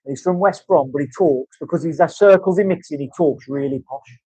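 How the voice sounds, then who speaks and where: A man's voice: on the high side, fairly quick, warm tone, breathy edge, no room sound. A man in casual chat, rambling and swearing through banter in a tattoo studio. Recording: dull, dry lo-fi sound.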